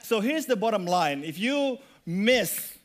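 Male pastor, high voice, lively conversational sermon, prods the congregation with questions. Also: slow pace. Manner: animated, conversational preaching with audience questions.

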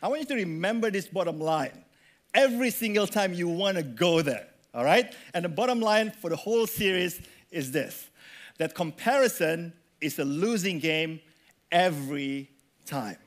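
Male pastor, high voice, lively conversational sermon, prods the congregation with questions. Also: moderate pace. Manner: animated, conversational preaching with audience questions.

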